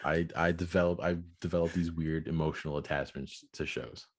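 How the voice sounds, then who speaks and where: A young man hosting a podcast in casual chat, excitable and rambling, tripping over repeated words. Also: extremely low pitch, a little fast. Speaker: podcast host.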